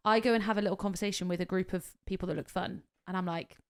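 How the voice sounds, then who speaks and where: A woman tells a story in a casual podcast chat. She is animated and swears freely. She acts out what other people said along the way. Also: on the low side, racing, smooth. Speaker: podcast co-host.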